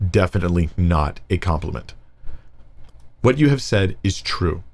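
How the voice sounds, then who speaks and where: A man, a pastor, explaining a Bible passage in a casual, conversational way, reading verses aloud and getting animated when he paraphrases. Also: sits low, normal speed, vocal fry, pauses often.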